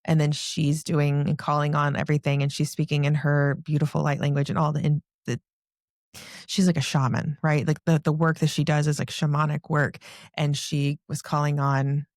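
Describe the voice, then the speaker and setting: A woman's voice: low-pitched, level tone, normal speed, darkish tone, no room sound, studio quality. A woman, a podcast guest, telling a personal story emotionally, with many "like" fillers and a racing, breathless manner.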